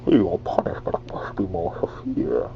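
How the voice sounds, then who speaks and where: A man's voice: moderate pace, background noise, close to an everyday voice. Bane, a man doing a whispery masked villain. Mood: menacing. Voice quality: breathy, whispered, muffled through a clamped nose. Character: menacing masked male villain, cold and threatening.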